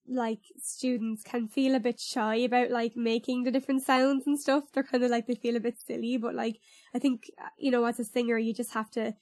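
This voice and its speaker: A woman's voice: on the high side, no room sound, clean studio sound. A woman singer chatting casually, often restarting her sentences and filling them with fillers. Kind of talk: casual podcast chat.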